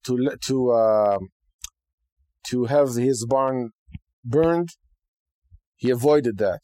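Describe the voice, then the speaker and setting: A man's voice: mid-range voice, slow, no echo. Dry-voiced man teaching casually. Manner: conversational, animated, frequent okay and right asides. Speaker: podcast host teaching Judaism.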